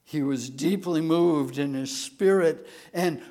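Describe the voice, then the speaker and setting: A pastor preaching an emotional sermon to his congregation, moving between hushed, tender moments and emphatic, raised declarations and drawing the crowd in with questions. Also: a little high, expressive, measured pace, hardly any pauses. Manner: asks the congregation for a show of hands.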